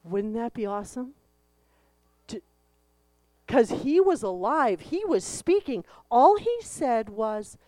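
A woman's voice: on the high side, unhurried, no room sound. A woman telling a Bible story to children at church, acting out the voices and leading a song. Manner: expressive, acts out the voices, leads the group in song.

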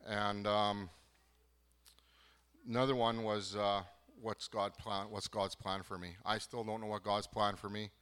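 Low-voiced man giving a halting testimony. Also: level tone, fairly bright tone, smooth, in a large hall. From southern Manitoba, Canada. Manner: halting, hesitant, many restarts; earnest, moved. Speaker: program participant giving testimony. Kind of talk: personal faith testimony.

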